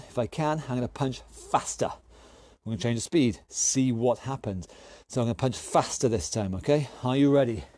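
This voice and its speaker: Slow-paced man coaching a workout. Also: fairly high pitch, a little mellow, no echo. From United Kingdom. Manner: counts down and cues exercises while working out himself. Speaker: fitness instructor. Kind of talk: live online workout class.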